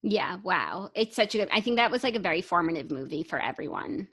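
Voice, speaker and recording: A woman's voice: fairly low pitch, expressive, fast talker, fairly bright tone, slightly rough. A young woman co-hosting a podcast in casual chat, talking in an enthusiastic, gushing way. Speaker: podcast co-host.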